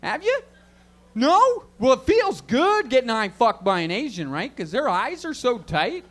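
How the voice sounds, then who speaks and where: A man's voice: very high voice, big pitch swings, normal speed. A man performing stand-up, crude and teasing audience members directly. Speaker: stand-up comedian. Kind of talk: stand-up comedy set.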